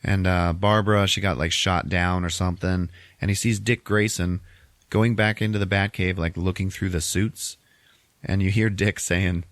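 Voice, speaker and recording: A man's voice: low-pitched, steady tone, normal speed, dry recording. A man hosting a podcast, casually retelling a movie plot and laughing often as he quotes the characters. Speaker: podcast host.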